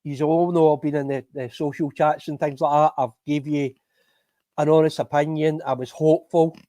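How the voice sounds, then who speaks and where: A man's voice: fairly high pitch, flat delivery, normal speed, dark tone, no room sound. A Scottish man hosting a football fan podcast live stream, ranting angrily with lots of swearing and bitter laughs.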